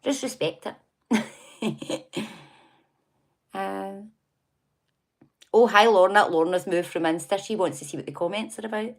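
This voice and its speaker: A woman's voice: medium pitch, measured pace, gravelly, long pauses. A middle-aged Scottish woman from near Glasgow hosting a casual livestream, chatting and gossiping about the news, laughing often and reacting to viewer comments. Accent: Scottish (Glasgow area). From Scotland. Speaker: livestream host.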